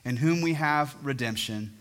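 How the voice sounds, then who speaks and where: Bright-voiced pastor preaching a sermon. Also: male voice, mid-range voice, moderate pace. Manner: earnest, storytelling with dramatic voiced quotes. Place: church sanctuary.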